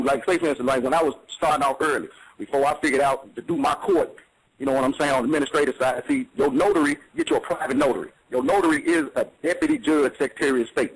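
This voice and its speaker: A man with a somewhat high, breathy-edged voice explains something in casual, streetwise talk, emphatic and repetitive. He keeps checking that the listener follows, often saying "you see what I'm saying," on a low-quality recording.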